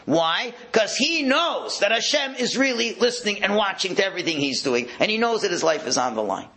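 A rabbi with a high-sitting voice gives a religious lecture to an audience, speaking a little fast. He's animated, acting out different voices and dropping to a whisper.

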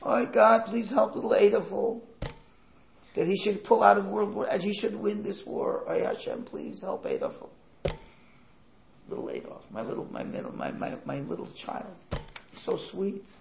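A man's voice: mid-range voice, lively intonation, fairly quick, a little hiss or hum, natural voice, poor audio. A man voicing a wailing, mock-pious middle-aged mother in a sing-song, pleading tone.

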